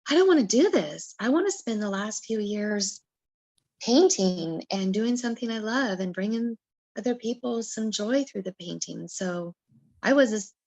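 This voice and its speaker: A woman guest on a podcast, telling her personal story in an emotional, animated way and acting out her own past words. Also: mid-range voice, normal speed, dry recording.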